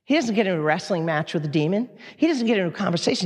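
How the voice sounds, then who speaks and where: Male preacher with a high voice, fervent yet chatty sermon delivery, echoing through a large reverberant church. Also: sing-song. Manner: impassioned, conversational preaching with quick asides. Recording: long hall reverb.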